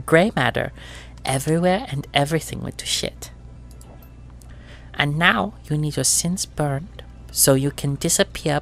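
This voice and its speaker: A man's voice: a little high, creaky, a little hiss or hum, voice pushed up, exaggerated voice. A man voicing a mean, sweetly menacing middle-aged crime boss woman with a nasal, rusty, syrupy voice in a tabletop game. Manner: soft, purring and threatening, with small stumbles.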